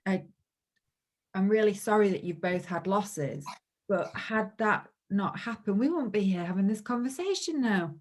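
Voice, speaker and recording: A woman hosts a conversation over a video call. Her voice sits at a middle pitch, and she speaks in a gentle, sympathetic, reflective way. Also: animated, normal speed. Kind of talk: casual conversation on a live call.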